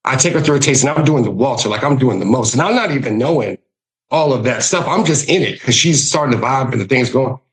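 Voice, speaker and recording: A man with a Southern US accent telling lively stories about hosting guests, often acting out what people said. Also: medium pitch, fast, poor audio. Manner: animated, acts out voices in his stories. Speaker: guest, winery hospitality director. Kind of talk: storytelling in casual podcast chat.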